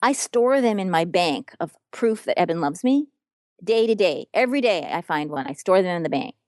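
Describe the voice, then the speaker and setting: Earnest woman relationship coach, lowish voice. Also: animated, normal speed, darkish tone, dry recording, clean studio sound. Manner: earnest, emphatic, frank. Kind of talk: podcast interview.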